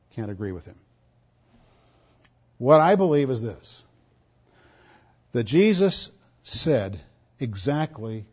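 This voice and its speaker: A pastor preaching an expository sermon, stressing points loudly and then dropping to quiet asides. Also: male voice, medium pitch, slightly rough, muffled recording. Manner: emphatic, swinging between loud stresses and quiet asides.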